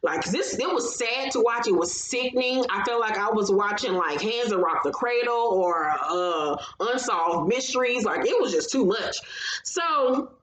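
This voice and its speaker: A woman recapping a reality TV episode in casual chat, telling it with animated, profane storytelling and acting out what people said. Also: fairly high pitch, measured pace. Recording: roomy echo, faint background noise.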